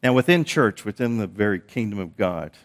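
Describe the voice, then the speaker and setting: A man's voice: fairly low pitch, lively intonation, fairly quick. A man preaching a sermon, telling stories with frequent repeated words and restarts. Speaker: pastor.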